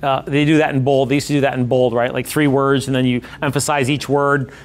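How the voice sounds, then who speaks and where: A man's voice: mid-range voice, little pitch movement, a little fast. A man coaching a sales workshop in a training room, speaking energetically and emphatically and repeating key phrases. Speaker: real estate sales coach.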